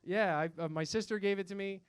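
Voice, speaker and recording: A man's voice: high-pitched, fast, slight background noise. A young man performing a self-mocking stand-up set in a comedy club, swearing and acting out voices.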